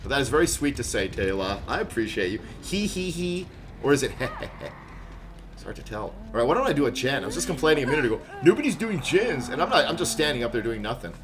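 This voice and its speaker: A man's voice: medium pitch, very animated, fast talker. A man doing live gameplay commentary, joking and chatting with viewers in rambling asides. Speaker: game streamer.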